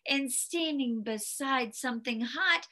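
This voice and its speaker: A woman reading a picture book aloud to children, very expressive, with gasps and hushed whispery asides. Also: sits high, slow. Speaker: storyteller.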